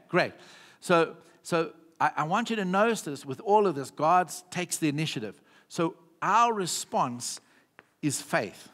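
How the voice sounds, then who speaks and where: A man's voice: fairly high pitch, a bit bright. A man with a South African accent preaching a sermon as pastor, with emphatic repetitions, often checking in with the congregation. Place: church hall. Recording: reverberant church hall.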